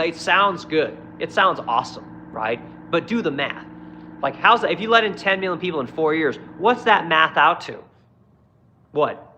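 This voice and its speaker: Streamer, male, gritty and raised in pitch, blunt and foul-mouthed, ranting at chat from a phone. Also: vocal fry, bright, forceful tone, muffled recording. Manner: swears constantly, blunt and heated. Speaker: live streamer answering chat. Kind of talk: angry profane political rant.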